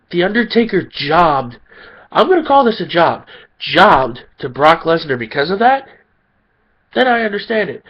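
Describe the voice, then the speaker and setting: A man rants with heated indignation, sounding tired and a bit sick. His voice sits fairly high for a man. The recording is dull and lo-fi. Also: breathy edge. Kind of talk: angry opinion rant.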